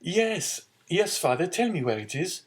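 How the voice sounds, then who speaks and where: A man's voice: high voice, sing-song, unhurried, voice pushed up. A man doing an eager young sailor. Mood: anxious. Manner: earnest, pleading. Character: eager young male sailor, twenty, devoted son.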